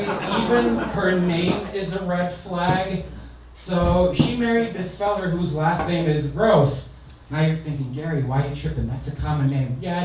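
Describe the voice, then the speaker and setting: A man's voice: sits high, background noise. Brash, profane male comic in a roomy club. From San Fernando Valley, California. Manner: brash, profane, self-deprecating punchlines. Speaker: stand-up comedian. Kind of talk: stand-up set. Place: comedy club stage, live crowd. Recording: roomy live club sound from a distance.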